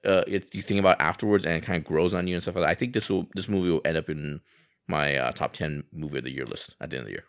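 A man's voice: low-pitched, very fast. A man who is the movie correspondent on a podcast, chatting in a rambling way and often tacking on "and stuff like that". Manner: rambling, full of restarts and fillers like "and stuff like that". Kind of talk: casual podcast chat.

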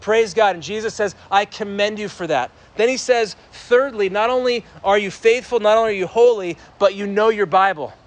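A young adult man preaching a sermon to a congregation in a church, projecting his voice loudly to reach the back of the room. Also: sits high, moderate pace, few pauses. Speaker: pastor.

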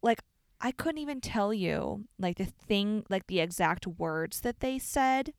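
A woman's voice: medium pitch, expressive, a little slow, smooth, no echo, clean studio sound. A woman from the Chicago suburbs, co-hosting a podcast and talking earnestly in a casual, filler-heavy way. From Chicago suburbs, USA. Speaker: podcast co-host. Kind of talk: casual chat.

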